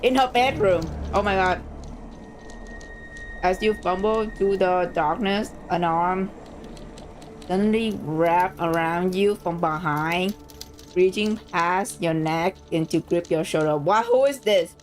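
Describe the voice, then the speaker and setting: A woman streamer reading a story game aloud, reacting excitedly and swearing freely between lines. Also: lowish voice, slow, a little hiss or hum.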